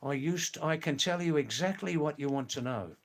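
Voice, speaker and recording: An older man from England, hosting a live stream, chatting casually with viewers in a slow, rambling way full of hesitant fillers. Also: fairly high pitch. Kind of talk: casual live chat reading viewer comments.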